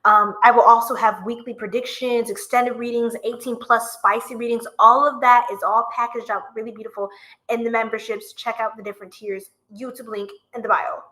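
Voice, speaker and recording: A woman's voice: on the high side, steady tone, a little fast, sharp tone. A young woman reading tarot on a live stream, chatting playfully with viewers and a little short of breath. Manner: playful, chatty, singing bits of songs. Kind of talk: casual live-stream chat.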